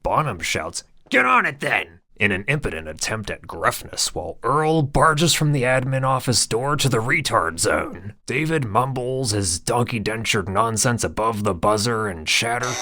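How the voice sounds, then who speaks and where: Man narrator, very low, bright tone, crude and sardonic. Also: expressive, normal speed, hardly any pauses, dry recording, clean studio sound. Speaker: audiobook narrator. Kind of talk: scripted narration.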